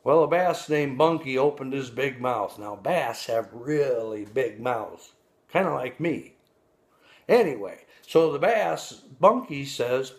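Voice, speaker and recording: A man telling a folksy story, pausing to ask his listeners questions and explain things along the way. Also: medium pitch, lively intonation. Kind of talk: storytelling for an audience.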